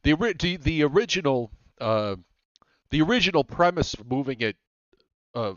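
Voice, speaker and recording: A man with a smooth, resonant voice hosts a weather show in casual chat. He talks haltingly and often restarts his sentences. The sound is dry and dull, like a lo-fi feed. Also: fairly high pitch, lively intonation, fairly bright tone, dry recording.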